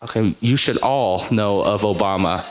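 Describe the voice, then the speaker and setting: Speaking at a normal pace in a lowish voice, this pastor tells his congregation stories from his own experience. He keeps it chatty and storytelling, repeatedly adding "right?" and "like".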